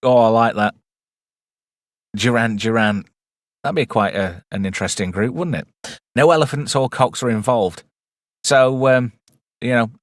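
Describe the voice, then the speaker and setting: A man's voice: on the low side, dry recording, studio quality. Rambling, irreverent man. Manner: rambling, irreverent, swears freely. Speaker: movie reviewer. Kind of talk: casual film commentary.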